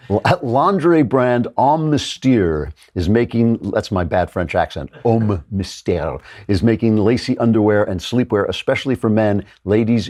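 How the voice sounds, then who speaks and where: A man's voice: fairly low pitch, a little mellow. A man hosting a commentary show, joking and digressing with laughing asides. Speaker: podcast host.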